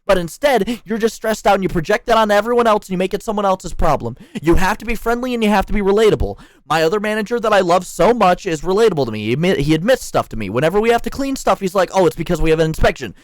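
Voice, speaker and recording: A man's voice: sits high, expressive, fast talker, few pauses, no room sound. Fired-up, profane young man ranting. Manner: profane, heated, sarcastic. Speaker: store worker venting about management. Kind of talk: angry ranting monologue.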